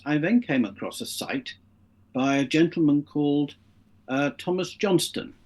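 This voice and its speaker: A middle-aged man on the high side of the vocal range tells long, casual stories as an interview guest, performing the voices of everyone in them. His intonation is lively, and he keeps a measured pace.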